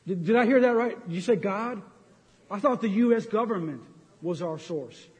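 A man's voice: high-pitched, expressive, normal speed, a little mellow. A middle-aged man preaching a sermon as pastor in a church, ranting with jokes. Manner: impassioned, ranting, jokey. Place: church sanctuary. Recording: long hall reverb.

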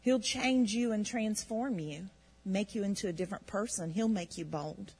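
A woman co-hosting a faith show, telling an animated testimony story and often repeating words when excited. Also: mid-range voice, normal speed, husky, low-quality recording. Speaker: ministry show co-host.

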